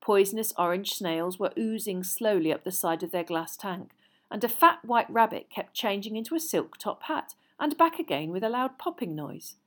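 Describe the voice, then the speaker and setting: A woman narrating a children's fantasy story aloud in a measured, even way. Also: medium pitch.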